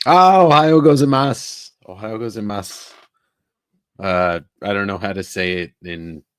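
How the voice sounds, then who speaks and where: A middle-aged man chats loosely on a live stream, joking and rambling as he greets viewers one after another. His voice sits low, and his small travel microphone picks it up dry and close in a tiny room. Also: a bit bright, no room sound. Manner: rambling, jokey, greets chat by name. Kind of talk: casual live-stream chat. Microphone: own travel microphone.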